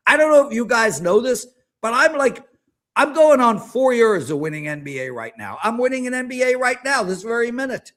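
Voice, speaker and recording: A man in his fifties with a high-pitched voice talks sports bets on a casual panel show. He rants with animated energy and self-mocking jabs. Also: a little fast. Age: 50s. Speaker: sports betting handicapper.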